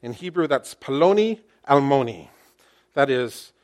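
A male pastor preaching a sermon to his congregation. He uses lively storytelling, rhetorical questions and wry humor. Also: mid-range voice, measured pace. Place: church, speaking to a congregation with slides.

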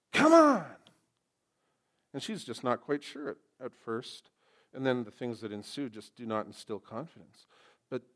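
A middle-aged man preaching a sermon as pastor, lively and joking, swinging from loud emphasis to quiet, intense passages. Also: mid-range voice.

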